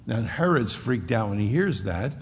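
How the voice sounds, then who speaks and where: A man preaching a sermon, animated and emphatic, often repeating phrases to drive a point home. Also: lowish voice, moderate pace, a little hiss or hum. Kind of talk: expository sermon. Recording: long reverb of a large hall.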